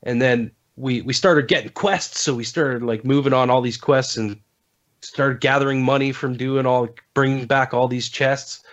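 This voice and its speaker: A man's voice: mid-range voice, steady tone, moderate pace. Rambling, laid-back man telling gaming stories. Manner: rambling storyteller, many fillers and restarts. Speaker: podcast guest. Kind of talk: casual gaming chat. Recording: dull lo-fi sound.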